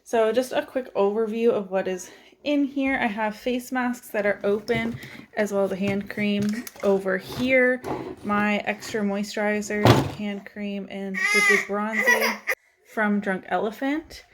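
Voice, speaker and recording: A woman's voice: medium pitch, steady tone, a little slow, a little hiss or hum. A young adult woman vlogging in a casual, chatty and self-deprecating way, laughing often as she goes through her makeup drawer. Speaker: beauty vlogger. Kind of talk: casual chat.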